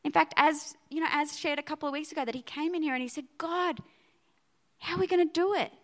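In a church auditorium, a woman pastor preaches a sermon to her congregation, energetic and conversational and often checking in with listeners. Her voice sits high, and she talks fast.

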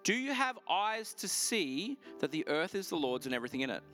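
Male pastor, middle-aged, fairly high voice, faint music under him. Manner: lively, animated storytelling with quick asides. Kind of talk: storytelling sermon.

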